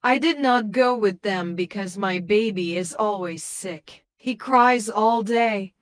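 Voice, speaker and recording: Humble young widow, read by a woman, pleading and polite, slow, dry. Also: mid-range voice, dry recording, close to an everyday voice. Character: young devout widow with a sick baby.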